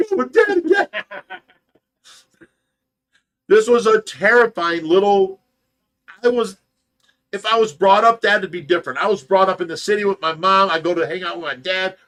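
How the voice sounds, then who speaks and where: A man hosting a livestream, telling a story in a casual, animated way and acting out the voices. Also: high voice. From United States. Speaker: livestream host of a fish rescue.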